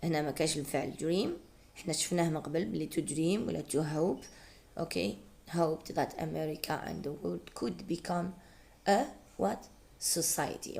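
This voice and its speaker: A woman's voice: sits low, brisk, darkish tone. A woman teacher with an Algerian accent, patiently going over test answers and repeating key words. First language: Algerian Arabic. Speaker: English teacher.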